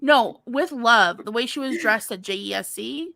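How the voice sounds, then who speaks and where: Woman with a bright, gravelly voice. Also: a little high, animated, normal speed, dry recording. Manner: chatty, laughs often, trails off. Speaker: podcast co-host. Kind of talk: casual chat.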